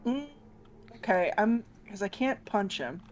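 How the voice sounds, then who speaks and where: A brash, playful woman playing a live-streamed tabletop game at an ordinary pitch. She jokes around, teases the table and swears freely. A faint hum of background noise sits behind her voice. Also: expressive, unhurried, a little mellow. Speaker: player.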